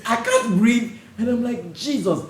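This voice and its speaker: A man's voice: on the high side, brisk. A man hosting a podcast, telling stories animatedly with frequent laughter. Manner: animated storytelling, laughs often. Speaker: podcast host. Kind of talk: casual podcast chat. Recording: echoey room with faint noise.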